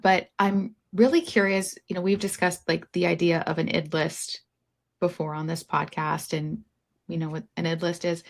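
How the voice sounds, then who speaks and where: Woman podcast co-host, low voice, curious and playful interviewer. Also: gravelly. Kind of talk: casual podcast interview chat.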